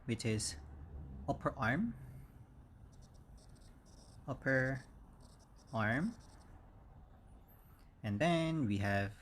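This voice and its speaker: A man teaching English vocabulary, speaking slowly and repeating each word several times for learners. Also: medium pitch, lively intonation, fairly bright tone, slight background noise. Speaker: English instructor. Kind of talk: slow vocabulary lesson.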